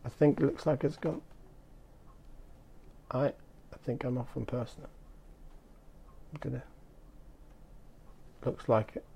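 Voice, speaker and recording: Talking into his phone on a casual live stream, a man from a marketing agency speaks slowly in a mellow, medium-pitched voice with vocal fry and frequent pauses. He rambles in an easygoing, chatty way, full of ums and restarted sentences, with slight background noise behind him.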